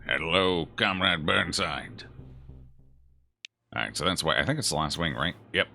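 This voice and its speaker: A man's voice: extremely low pitch, lively intonation, very fast, creaky, bright, forceful tone. A man streaming a game, chatting casually and jokingly as he reacts aloud to his chat. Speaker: gaming streamer. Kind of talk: casual let's-play commentary answering chat.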